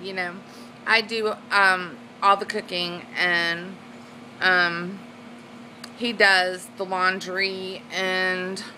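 A woman's voice: lowish voice, pushed and bright, a little hiss or hum, low-quality recording. A woman, chatting casually in her home vlog, bubbly and giggly. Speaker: weight-loss vlogger. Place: at home indoors, then on a swing.

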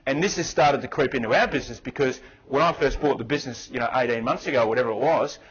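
Australian man presenting with a husky voice. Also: mid-range voice, fast, dull audio. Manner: conversational, asks the audience questions. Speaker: conference presenter. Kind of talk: motivational business talk. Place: conference room.

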